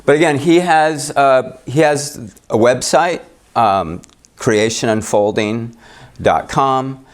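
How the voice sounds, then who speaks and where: A man's voice: medium pitch, takes it slowly. A man leading a Bible study class, talking in a chatty, rambling way with easy humor about himself. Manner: chatty, rambling, self-deprecating. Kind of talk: casual class discussion.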